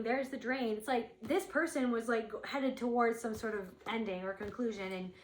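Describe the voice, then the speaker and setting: A woman's voice: a little high, moderate pace, reverberant, low-quality recording. A woman giving an intuitive spiritual reading, thinking aloud in a searching, rambling way, with lots of "like". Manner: searching, rambling, heavy use of "like".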